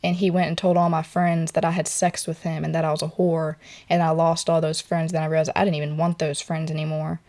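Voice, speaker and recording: A young woman tells a personal story in a soft, hesitant way, full of filler words. Her voice sits a little low and stays fairly level in pitch. She talks while posing in an artist's studio. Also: flat delivery, fairly quick, few pauses. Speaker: portrait model interviewee.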